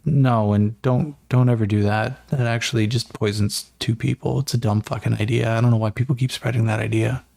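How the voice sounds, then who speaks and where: Man doing a gruff, blunt wilderness guide. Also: mid-range voice, fairly even intonation, brisk, hardly any pauses, darkish tone, dry recording, natural voice. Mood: scolding. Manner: blunt, profane, matter-of-fact. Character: gruff seasoned male guide, blunt and calm.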